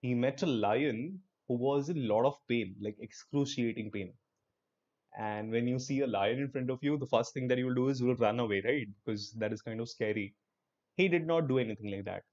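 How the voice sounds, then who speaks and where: A man's voice: mid-range voice, brisk, a little mellow, muffled recording. A young male online English teacher with an Indian English accent, teaching a live class in an upbeat, encouraging way and slipping into Hindi.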